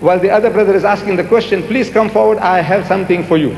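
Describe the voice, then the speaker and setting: An older man answering audience questions in a public debate, animated and rhetorical, repeating words for emphasis. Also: high voice, fast talker, vocal fry, a little hiss or hum. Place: large lecture hall. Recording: echoey hall with faint music.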